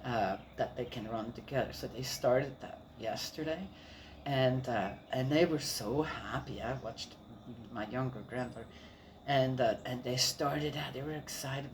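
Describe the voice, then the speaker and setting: An older woman, a grandmother, chats casually about family life in an extremely low voice against a noisy background. She rambles warmly through family stories, laughing and repeating fillers.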